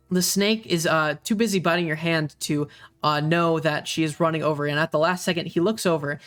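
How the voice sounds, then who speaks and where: Halting young game master, higher voice. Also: male voice, fairly bright tone. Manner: halting, many ums and uhs. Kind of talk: narrating a tabletop game.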